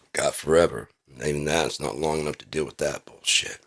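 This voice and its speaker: Low-voiced guy ranting n swearing a lot, sharp edgy tone, just talking at home. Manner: profane, ranting, lecturing. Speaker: vlogger. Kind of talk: casual rambling monologue. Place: indoor room with a heater.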